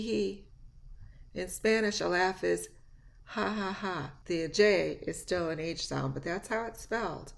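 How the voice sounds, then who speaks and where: A woman teacher reading a lesson aloud at a slow pace, singing a nursery rhyme and acting out animal and object sounds in high, loud bursts. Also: vocal fry.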